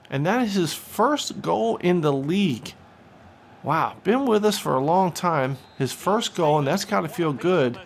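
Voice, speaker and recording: A man hosting a gaming video, calling the on-screen action in an excitable mock sportscaster style with bursts of frustration. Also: fairly high pitch, gravelly. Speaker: gaming channel host. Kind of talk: play-by-play gameplay commentary.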